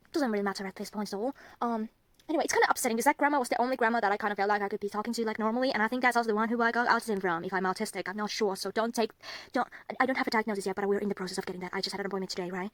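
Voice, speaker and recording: Fast-rambling young woman vlogger. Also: mid-range voice, dry recording. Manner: rambling, swears a lot. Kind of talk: unscripted rambling vlog. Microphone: phone.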